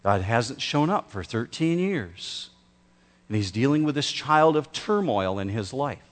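A man preaching a sermon as pastor, slow and emphatic, with dramatic pauses. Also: mid-range voice, lively intonation.

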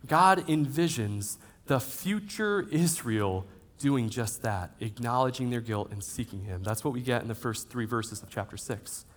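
A man in his thirties preaching a sermon in a church auditorium, swinging between loud, emphatic lines and soft, drawn-out ones. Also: mid-range voice, expressive. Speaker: pastor. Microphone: handheld or headset mic.

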